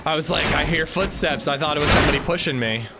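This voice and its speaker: A man casually commenting on his survival shooter game during a livestream, chatting with viewers and reacting out loud. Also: on the high side, fast talker, heavy background noise. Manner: chatty, reacts loudly, talks to chat. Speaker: streamer playing a survival shooter.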